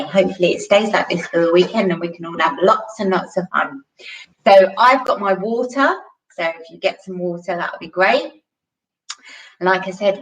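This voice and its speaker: A woman's voice: lowish voice, reverberant, far from the mic, low-quality recording. A woman coaching a children's home workout, cheerful and encouraging and a bit out of breath from exercising. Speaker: kids' gymnastics coach.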